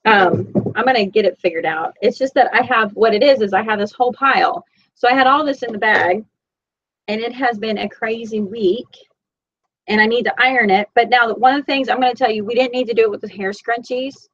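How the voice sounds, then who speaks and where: A woman's voice: fairly high pitch, fairly quick, a bit bright, muffled recording. A woman with a Southern Florida accent, teaching a live-streamed sewing tutorial from home in a chatty, rambling, self-deprecating way. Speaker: sewing instructor. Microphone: computer mic.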